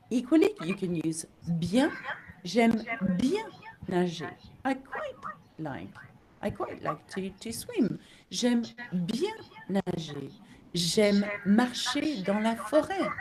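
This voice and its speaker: A woman leads a French lesson at an unhurried pace. Her pitch moves widely as she repeats phrases and checks whether the learner is following. A steady hiss of noise sits behind her voice. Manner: slow, teacherly, often asks okay. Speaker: French teacher. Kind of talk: recorded language lesson.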